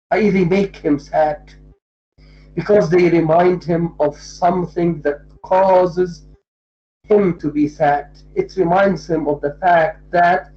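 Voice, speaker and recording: Lecturer, very slow and methodical, poetry class, dull lo-fi sound. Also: mid-range voice. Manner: slow, deliberate, repeats and spells out points. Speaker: literature lecturer. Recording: dull lo-fi recording.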